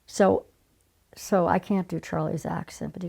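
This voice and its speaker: Unhurried yet animated, an older woman guest who works as a casting director spins stories in a casual interview, imitating the voices of everyone she quotes. Her voice is rough, deeply gravelly, and pitched lower than most women's.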